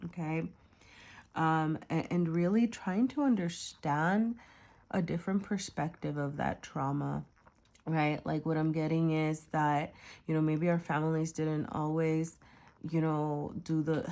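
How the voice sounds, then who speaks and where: A woman with a low-pitched voice gives a casual tarot reading in a loose, rambling way. She hesitates often, leans on fillers and tag questions, and keeps correcting herself and apologizing. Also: a little mellow. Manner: rambling, hesitant, many fillers and rhetorical "right?". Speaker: tarot reader.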